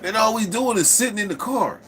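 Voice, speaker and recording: A man's voice: high voice, fairly quick, slight background noise. A man casually telling a story, swearing freely and acting out the people in it. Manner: profane, animated, acts out quoted people.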